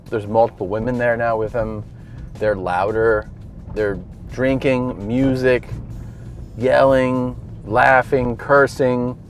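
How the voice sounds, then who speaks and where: A man's voice: mid-range voice, flat delivery, slow pace, faint music behind. A man, a touring comedian, casually telling profane, rambling stories from inside a car. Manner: laid-back, profane, rambling storyteller. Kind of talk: casual storytelling vlog.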